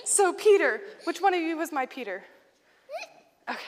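Young woman Bible teacher, high voice, playful with kids, reverberant hall. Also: normal speed, a little hiss or hum. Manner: playful, animated, laughing often. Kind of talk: acting out a Bible story with children.

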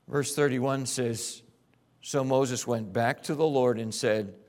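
A man preaching a sermon, telling a story dramatically and swinging between loud bursts and hushed passages. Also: medium pitch, fairly even intonation, takes it slowly. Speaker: pastor.

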